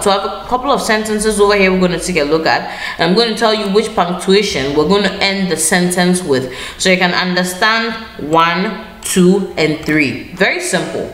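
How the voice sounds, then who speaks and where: This woman's voice sits on the low side and is a bit bright, moving at a normal speed as she teaches grammar online via screen share. She's patient, going back over key phrases and correcting herself. You can hear an echoey room and faint ambient sound.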